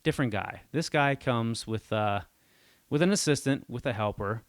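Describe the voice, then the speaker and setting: A man tells a long comic story as the host of his own show, exasperated and animated, often jumping up in pitch to act out the people he quotes. His voice sits in a middle range and is recorded close and dry, with no room sound. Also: normal speed, dry recording. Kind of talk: comedic storytelling monologue.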